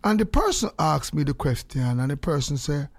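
A man's voice: on the high side, expressive, normal speed, dry recording. A man with a Jamaican accent giving emphatic commentary in patois, repeating his points for effect.

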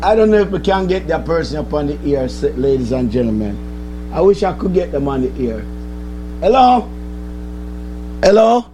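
A man's voice: on the high side, big pitch swings, normal speed, long pauses, warm tone, a little hiss or hum. A man hosting a call-in talk show, rambling and repeating himself for emphasis.

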